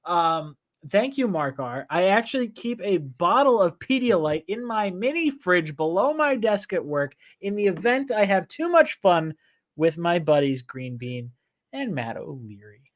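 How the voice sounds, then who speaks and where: A man's voice: high-pitched, lively intonation, a little slow. A man hosting a casual live stream from home, joking and reading viewer comments aloud. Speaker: podcast host reading chat. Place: at home, downstairs. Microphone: phone.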